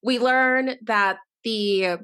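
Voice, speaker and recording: Give me a chatty woman co-host recapping a film plot, slightly higher voice. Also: very slow, sharp tone, smooth. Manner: chatty recapper, laughs, many "like"s. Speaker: podcast co-host. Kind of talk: casual film review chat.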